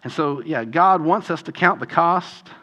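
A man preaching a sermon in a conversational, animated way, often acting out quoted voices. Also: on the high side, a little slow. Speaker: pastor.

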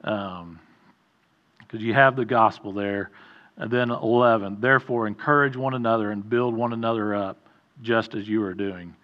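Halting, conversational male preacher. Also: lowish voice, steady tone, dull audio. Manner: conversational, halting with restarts and asides. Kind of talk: informal sermon.

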